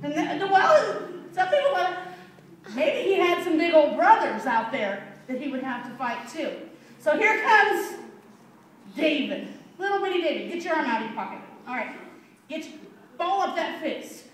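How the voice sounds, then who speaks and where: Female children's teacher, very high voice, playful and questioning; distant mic with faint background hiss. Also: very animated, normal speed. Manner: playful, asks the children questions, laughs often. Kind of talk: animated storytelling to children. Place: church room with children. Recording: echoey room, mic far off, faint noise.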